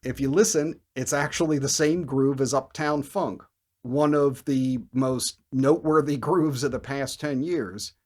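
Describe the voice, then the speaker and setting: Male bass teacher, emphatic and lively, counts beats and sings riff rhythms aloud, mid-range voice. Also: a little slow. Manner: energetic, emphatic explaining. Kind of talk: instructional video lesson.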